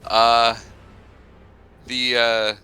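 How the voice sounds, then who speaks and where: A man playing a tabletop game, talking hesitantly with many pauses and laughs. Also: mid-range voice, level tone, bright, forceful tone, slight background noise. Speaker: player. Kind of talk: casual tabletop play.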